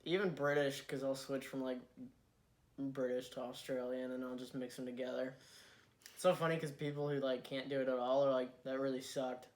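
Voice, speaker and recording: A young man in a loose, joking chat, spinning long, rambling stories and slipping into quick impressions of the people in them. His voice sits at an ordinary middle pitch for a man. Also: level tone. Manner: rambling storyteller who acts out voices in his anecdotes. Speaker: podcast co-host. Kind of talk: casual chat.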